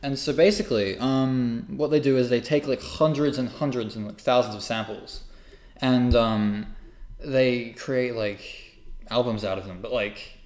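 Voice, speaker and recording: A man's voice: mid-range voice, steady tone, unhurried, darkish tone. A young man chatting as a podcast co-host, hesitant and full of fillers. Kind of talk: casual chat. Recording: echoey room.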